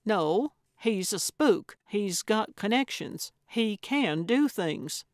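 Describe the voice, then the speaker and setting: A woman's voice: mid-range voice, animated, takes it slowly, no room sound, studio quality. A woman voicing a stubborn older woman amateur sleuth in a mystery audiobook, pushy and impatient. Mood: insistent.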